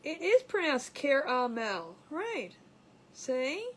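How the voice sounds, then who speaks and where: Giggly high-voiced woman hosting a craft stream. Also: expressive, takes it slowly, slight background noise. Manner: giggly, chatty, reads viewer comments aloud. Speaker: craft livestream host. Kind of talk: casual live crafting chat with viewers.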